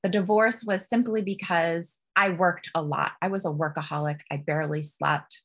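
A woman, a guest on a podcast, telling personal stories in an open, emotional and expressive way. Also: fairly low pitch, moderate pace. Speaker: podcast guest, business coach. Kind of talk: candid personal storytelling.

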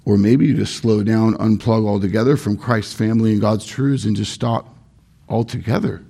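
Gravelly-voiced male pastor preaching earnestly. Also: on the low side, moderate pace, warm tone. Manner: earnest, emphatic preaching with repetition. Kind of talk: sermon.

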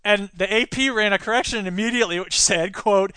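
A man hosting a solo commentary podcast, talking in an animated, sarcastic way with quick asides. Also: high voice, smooth, dry recording. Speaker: podcast host.

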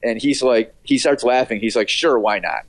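A middle-aged man who works as a radio producer appears as an interview guest, swapping stories in a casual, rambling way. His mid-range voice moves at a moderate pace, packed with fillers and acted-out voices for the people he quotes. There's no room sound.

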